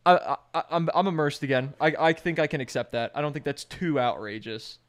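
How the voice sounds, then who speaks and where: A man's voice: a little high, fairly quick, a little hiss or hum. A male streamer giving casual live reaction commentary, rambling, swearing and joking.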